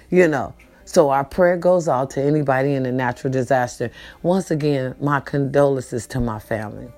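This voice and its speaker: Middle-aged woman vlog host, lively and swooping, profane and preachy, lowish voice. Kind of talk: casual motivational talk to viewers.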